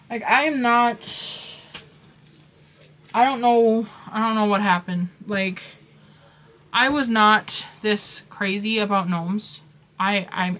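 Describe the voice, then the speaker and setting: A woman's voice: mid-range voice, sharp tone. Gushing chatty woman craft vlogger. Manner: gushing, rambling, many fillers and restarts. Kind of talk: casual haul chat.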